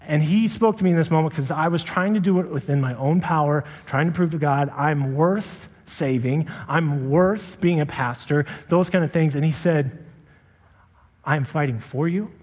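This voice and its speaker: Pastor, male, young adult, husky and a touch high, earnest sermon delivery, long hall reverb. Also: normal speed. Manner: earnest, rises to impassioned shouting when retelling his anger.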